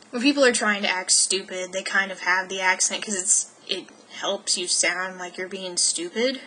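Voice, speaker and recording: Bright-voiced teen girl rambling. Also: mid-range voice, slight background noise, poor audio. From Texas. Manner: rambling, self-interrupting, with many fillers. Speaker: vlogger. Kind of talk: casual voice meme vlog.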